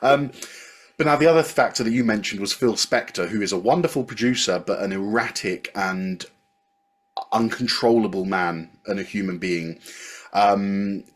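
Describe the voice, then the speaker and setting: Brief: a lower-voiced male podcast co-host, chatty and anecdotal, checking his notes as he goes. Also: moderate pace. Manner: anecdotal, reads from notes, chatty with frequent fillers and restarts. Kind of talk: casual chat.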